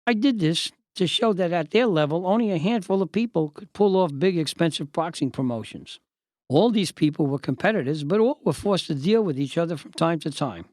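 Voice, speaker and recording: An older man hosting and narrating a memoir story in a measured, deliberate, lawyerly way. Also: fairly high pitch, lively intonation, darkish tone, no echo. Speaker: host and narrator.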